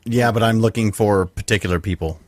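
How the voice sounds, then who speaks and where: A man in a tabletop game session talks in a relaxed, joking way. His voice is notably deep. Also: fairly quick, no echo. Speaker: player. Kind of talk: casual game chat.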